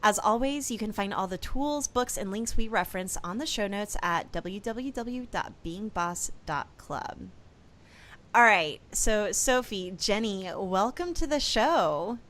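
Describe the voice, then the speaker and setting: A woman's voice: medium pitch, lively intonation, unhurried, fairly bright tone. Upbeat woman podcast host. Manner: upbeat, friendly introducer. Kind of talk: podcast interview, scripted intro.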